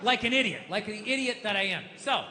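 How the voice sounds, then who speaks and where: A fast-talking, expressive middle-aged comedian with a high voice delivers loud, exasperated rants laced with swearing. There's slight background noise, plus audience laughter in a live hall with long reverb.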